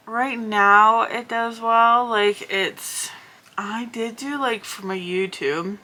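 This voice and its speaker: A woman in her thirties vlogging at her desk at home, talking fast and mumbly, rambling with lots of restarts and asides. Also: fairly high pitch, sharp tone. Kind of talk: casual rambling vlog. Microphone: camera on desk.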